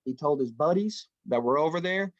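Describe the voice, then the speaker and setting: Bible study leader, male, fairly high voice, chatty storyteller; dull dry lo-fi sound. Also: moderate pace, no room sound. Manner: conversational, animated storytelling, says "man" often. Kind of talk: casual Bible study teaching.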